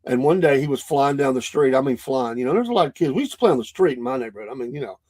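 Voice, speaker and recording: A man's voice: mid-range voice, expressive, very fast, darkish tone. A middle-aged man with a Southern US accent, hosting a podcast as a casual, rambling monologue full of restarts and fillers. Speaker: podcast host.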